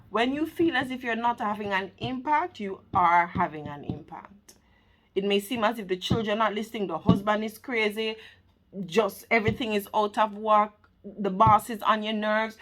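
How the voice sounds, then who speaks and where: A woman's voice: medium pitch, a bit bright. A woman hosting her own channel, speaking straight to the camera in an earnest, preachy motivational talk about faith, and laughing often. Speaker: channel host.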